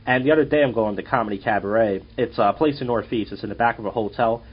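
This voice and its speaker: A man's voice: fairly low pitch, fast, slightly rough. A young man, hosting a casual podcast and telling rambling, profane stories. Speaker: podcast host and comedian. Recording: dull lo-fi audio.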